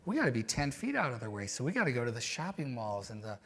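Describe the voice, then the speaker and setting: A man being interviewed, telling stories in a reflective, animated way with many fillers. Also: medium pitch, fast talker, breathy edge. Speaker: guest. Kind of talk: conversational interview storytelling.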